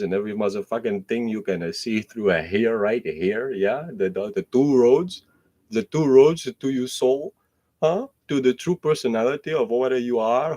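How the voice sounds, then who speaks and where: On his own solo show, a man delivers a rambling, profane, stream-of-consciousness monologue. He drifts into half-rapped verses and alternates between loud outbursts and quiet mutters.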